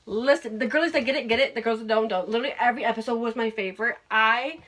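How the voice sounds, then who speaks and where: A young woman hosting a podcast, gushing excitedly and swearing freely in a casual chat. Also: a little high, very fast. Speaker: podcast host.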